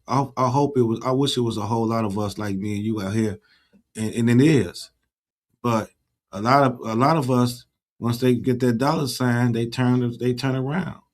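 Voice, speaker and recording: A man hosting his own YouTube channel in a casual livestream chat, talking in an earnest, repetitive, affirming way. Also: on the low side.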